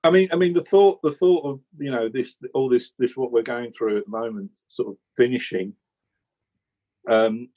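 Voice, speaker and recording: A man from England telling a rambling, animated story about joining a cricket commentary team, in casual chat with many restarts. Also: mid-range voice, normal speed, muffled recording. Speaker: regular commentator recalling how he joined.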